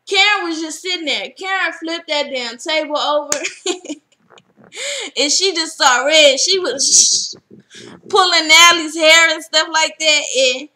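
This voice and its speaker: Lively, high-voiced woman recapping a show. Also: unhurried, slight background noise. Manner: animated, acts out quotes. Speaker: reality TV recap vlogger. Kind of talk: casual episode recap.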